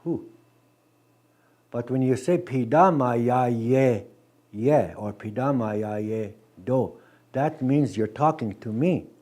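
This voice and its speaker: A man teaching a language class, patient and gentle, repeating words slowly with many halting restarts. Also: medium pitch.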